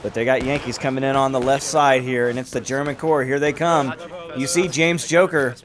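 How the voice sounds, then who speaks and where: A man hosting and commentating a large online battle game with lively, amused play-by-play. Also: medium pitch, moderate pace. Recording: commentary over loud battle crowd noise. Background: crowd and gunfire of a large online battle.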